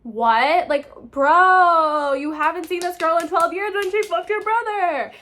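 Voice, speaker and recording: A woman's voice: very high voice, measured pace, pushed and bright. A woman in her twenties, a book vlogger, ranting in a casual, exasperated review and swearing freely.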